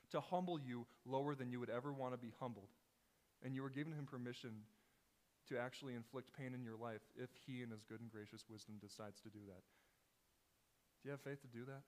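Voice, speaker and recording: A male pastor preaching a sermon with passion, firing rhetorical questions and swinging between hushed and loud. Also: mid-range voice. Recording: long reverb in a large hall.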